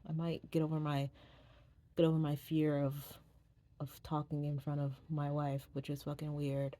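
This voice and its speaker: A woman's voice: sits low, dry recording. A young adult woman, an indie author, rambling casually and self-deprecatingly in a vlog outro, swearing freely.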